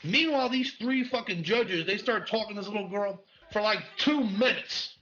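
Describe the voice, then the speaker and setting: A man telling a profane, animated story about his stand-up debut, acting out voices in the quotes. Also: sits high, moderate pace, lo-fi sound. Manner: acts out voices in quoted speech.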